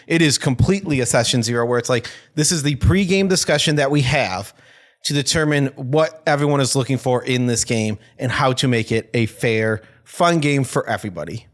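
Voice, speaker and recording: A man hosting a casual comedic chat, teasing his co-hosts and laughing often. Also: mid-range voice. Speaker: podcast host.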